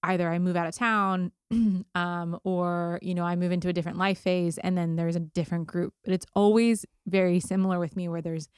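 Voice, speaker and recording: A woman's voice: lowish voice, fairly even intonation, a little fast, smooth, dry recording, studio quality. A woman from Philadelphia in her thirties, a podcast guest chatting casually in an easygoing, self-deprecating way, often restarting her sentences. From Philadelphia, USA. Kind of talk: casual chat.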